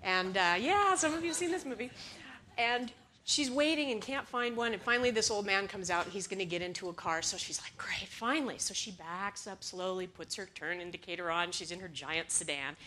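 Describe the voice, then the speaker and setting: A woman giving a talk to an audience, telling stories in an animated way, laughing now and then and acting out the lines she quotes. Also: medium pitch, fairly quick.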